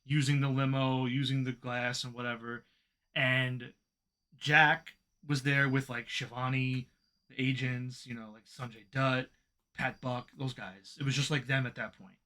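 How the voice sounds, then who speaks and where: A man co-hosting a casual wrestling podcast, talking in an animated way and swearing as he vents. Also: medium pitch, a little slow. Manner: animated, swearing, venting frustration. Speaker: podcast co-host.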